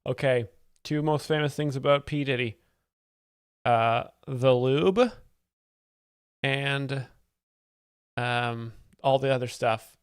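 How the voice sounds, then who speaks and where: A man's voice: medium pitch, slow, pauses often, clean tone, dry recording, clean studio sound. A young man hosting a comedy live stream, explaining jokes in an ironic, fake-earnest, rambling way. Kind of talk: mock-expert comedy commentary.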